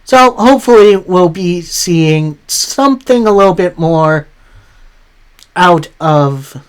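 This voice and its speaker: A man hosting a casual wrestling recap. He speaks at an unhurried pace and retells the show's promos in his own words. He reacts openly with surprise. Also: sits high, lively intonation, clear, resonant tone. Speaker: wrestling show recap host.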